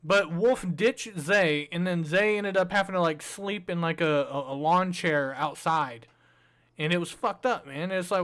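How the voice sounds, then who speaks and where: A man with a notably high, smooth and resonant voice tells a long, rambling story. He curses freely, trails off with "like" and "um", and keeps the tone loose and conversational, as on a livestream. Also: unhurried, a bit bright. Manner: rambling, profane, loose with fillers. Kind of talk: casual storytelling chat.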